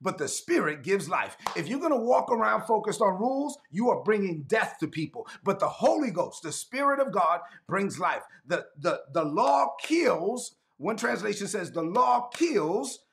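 A fiery male pastor delivering a sermon. His voice sits high and has a gravelly edge. He hammers points home by repeating them and erupts into shouts. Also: moderate pace, few pauses, slight background noise. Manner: animated, repeats lines for emphasis, bursts into shouts. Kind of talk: energetic sermon.

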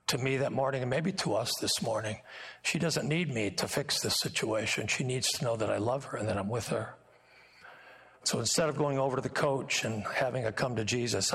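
A man gives a sermon as a guest pastor, earnest and storytelling, doubling back on his words as he goes. His voice is gravelly and slightly husky. It echoes with the long reverb of a church hall. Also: mid-range voice, fairly bright tone. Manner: storytelling, earnest, frequent restarts. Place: church sanctuary.

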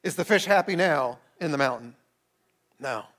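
A man with a bright, high-pitched voice delivers a sermon. His tone is relaxed and conversational, with a playful streak, and he keeps tossing questions to his listeners and answering them himself. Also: moderate pace. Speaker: pastor. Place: streamed service addressing an online chat.

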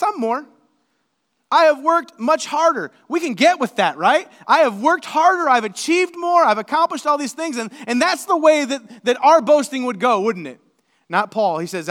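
In a large hall with a long, ringing reverb, a male pastor gives an animated sermon at a moderate pace. His voice is fairly high, and he builds his points into emphatic lists that he shouts out.

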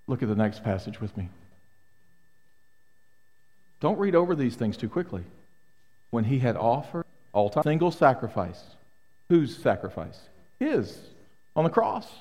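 A middle-aged male pastor delivering an emphatic sermon, pressing the room with questions. His voice sits at an ordinary pitch for a man. It rings out with the long reverb of a church sanctuary. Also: very animated, normal speed, darkish tone. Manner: emphatic, rhetorical questions to the congregation.

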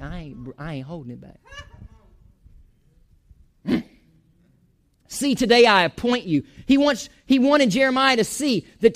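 A man preaching a sermon in a church, animated, joking and going off on asides. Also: high-pitched. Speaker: pastor.

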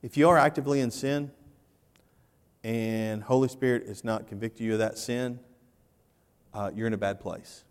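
A man preaching a sermon as pastor, animated, swinging from loud to hushed and repeating his phrases. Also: medium pitch, moderate pace, pauses often, clear, resonant tone. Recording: reverberant church hall.

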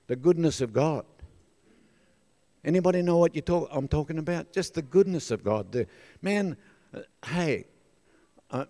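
A man's voice: fairly high pitch, darkish tone, big-room sound. An older man with an Australian accent preaching a humorous, storytelling sermon, calling out for amens. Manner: chatty, humorous, calls for amens. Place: church hall.

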